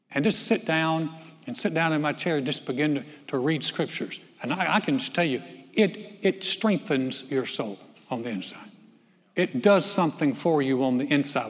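A pastor preaches to his congregation in an easy, conversational way, restarting phrases and throwing questions out to the room. His voice sits a little high for a man. The sound carries the long reverb of a church hall. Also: a bit bright. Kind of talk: sermon.

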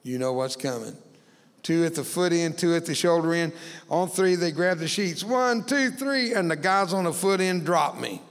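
Speaking as a guest in a church, a man with a slightly high, expressive voice tells a personal story at a moderate pace, echoing through a large hall. He's a dramatic storyteller in a sermon style, acting out dialogue in different voices and tossing in humorous asides.

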